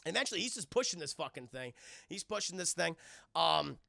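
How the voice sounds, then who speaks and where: A man's voice: fairly high pitch, very animated, a little fast, creaky, bright, forceful tone, dry recording, clean studio sound. A young man streaming a casual, crude, rambling scene-by-scene film recap to his chat.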